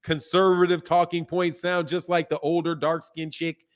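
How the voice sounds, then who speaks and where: On a relaxed livestream, this boxing channel host with a high voice reads out comments from viewers at normal speed. He responds bluntly, swearing, laughing and throwing in animated asides.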